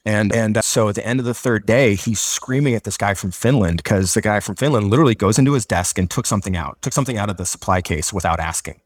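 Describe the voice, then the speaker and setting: A man's voice: lowish voice, fast talker, few pauses, no room sound, studio quality. A man telling a story as a guest in casual conversation, loose and filler-heavy, acting out the people in it. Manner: animated, acts out the people in his story.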